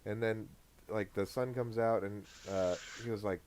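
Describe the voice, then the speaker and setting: A man's voice: on the low side, steady tone, moderate pace, a little mellow, a little hiss or hum. A man in his thirties co-hosting a podcast, rambling through a story with lots of filler words and swearing. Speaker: podcast co-host. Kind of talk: casual podcast chat.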